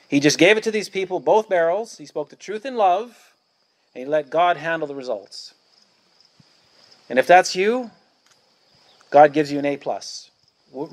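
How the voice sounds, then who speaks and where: Emphatic, fairly high-voiced male pastor preaching. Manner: emphatic, repetitive, declamatory. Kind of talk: sermon. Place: outdoors at a church picnic.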